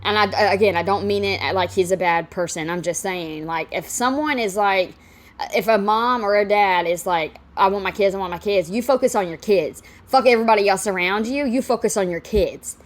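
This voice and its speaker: Woman reacting to a clip, mid pitch, fed up, swears a lot, rambles on. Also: moderate pace. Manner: exasperated, profane, rambling. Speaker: commentator reacting to a video. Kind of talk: casual reaction commentary.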